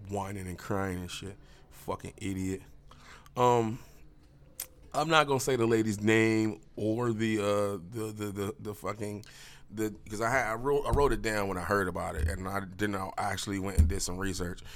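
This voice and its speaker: A man hosting a podcast, ranting casually and profanely with sudden jumps up in pitch. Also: a bit bright. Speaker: podcast host. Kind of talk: casual solo rant.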